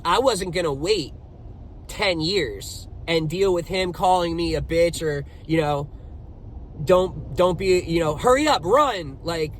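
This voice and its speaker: A man's voice: a little high, slow pace, a little hiss or hum. A young man casually telling his own story, swearing often and speaking with heavy emphasis. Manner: profane, emphatic, animated retelling.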